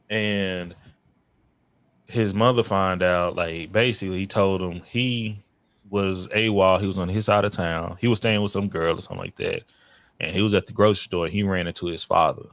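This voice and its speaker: Low-voiced man telling stories casually. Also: no room sound. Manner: animated, slangy, breaks into high excited quoted voices. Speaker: podcast guest, child welfare worker. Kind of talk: casual storytelling chat.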